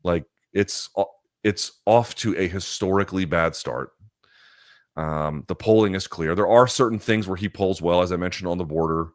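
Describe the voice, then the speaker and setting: A man's voice: low-pitched, normal speed, no room sound, clean studio sound. A man hosting a live chat stream, answering viewer questions in heated, profane rants full of fillers and restarts. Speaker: live chat show host.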